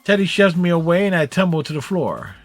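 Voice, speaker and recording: A man's voice: fairly high pitch, big pitch swings, fairly quick, soft background music. A man streaming a game, reading its story text aloud in the first person with small slips.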